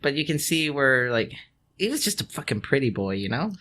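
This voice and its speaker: A man's voice: medium pitch, very animated, fairly quick, bright, forceful tone. A man co-hosting a casual podcast, telling a story in a loose, rambling way. He swears freely, restarts his sentences again and again, and breaks into laughs. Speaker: podcast co-host. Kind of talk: casual chat.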